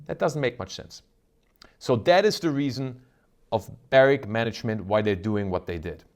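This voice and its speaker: Talking to camera about the markets, this man has a medium-pitched, somewhat dark voice and a normal speed. His casual, emphatic investment-video style is dotted with rhetorical "right?" tags.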